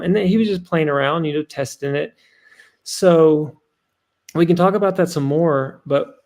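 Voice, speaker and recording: A man's voice: fairly high pitch, vocal fry. A man in his thirties, a guest on a talk stream, telling earnest, rambling anecdotes with lots of fillers. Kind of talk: casual storytelling on a talk stream.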